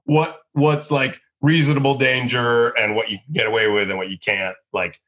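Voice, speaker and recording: Animated man telling wild stories. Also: normal speed. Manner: animated, acts out people in high excited bursts. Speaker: comedian guest. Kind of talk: casual storytelling.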